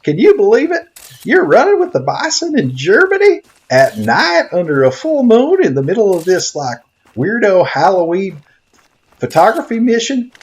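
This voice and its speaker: A man playing a naive, bumbling greenhorn hunter and photographer from Tennessee, rambling in a folksy way in comedic game commentary. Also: high-pitched. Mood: excited. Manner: rambling, folksy, easily excited. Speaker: gaming video narrator.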